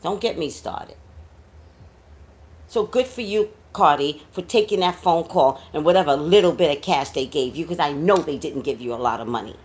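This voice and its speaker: A woman's voice: low voice, expressive, normal speed. A woman giving blunt, scolding, emotional celebrity commentary as a psychic.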